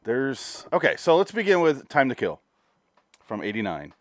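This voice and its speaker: A man's voice: mid-range voice, huge pitch swings, normal speed, a little hiss or hum. A man co-hosting a podcast, talking through films in a laid-back, joking way with some swearing. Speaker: podcast co-host. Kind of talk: casual movie-review chat.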